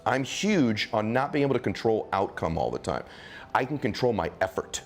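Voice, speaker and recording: A man's voice: on the low side, lively intonation, normal speed, a little hiss or hum. A man giving motivational answers in an interview, speaking emphatically in punchy, repetitive phrases.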